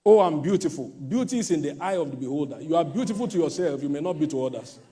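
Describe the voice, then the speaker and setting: Lively high-voiced preaching man. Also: quick pace. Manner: preaching with sudden shouts and mocking quoted voices. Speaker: pastor. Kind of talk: sermon.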